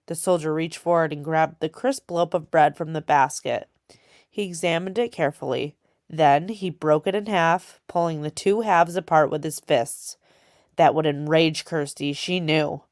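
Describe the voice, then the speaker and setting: A woman reading a children's novel aloud in a steady storytelling way. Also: low-pitched, moderate pace, no room sound, clean studio sound. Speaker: audiobook reader.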